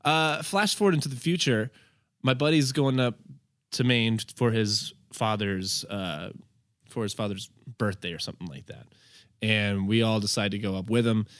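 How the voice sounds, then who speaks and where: A man's voice: fairly low pitch, moderate pace, no echo, studio quality. A man on a comedy podcast telling a rambling story in casual chat, laughing as he goes. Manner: rambling, laughs through his own story. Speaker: podcast co-host.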